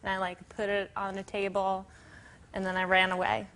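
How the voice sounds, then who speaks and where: A woman's voice: medium pitch, monotone, normal speed, gravelly, a bit bright. A woman telling a breezy, casual story as an interview guest. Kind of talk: anecdote in an interview.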